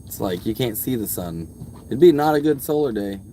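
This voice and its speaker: A man's voice: mid-range voice, expressive, moderate pace, warm tone, slight background noise. A man chatting loosely on a casual outdoor live stream, rambling and swearing freely. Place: outdoors by his truck at a park.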